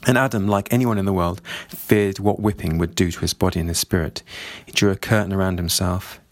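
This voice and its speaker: A man discussing a novel and reading long passages from it aloud in a measured, reflective way. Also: deep voice, steady tone, no echo. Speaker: book reviewer.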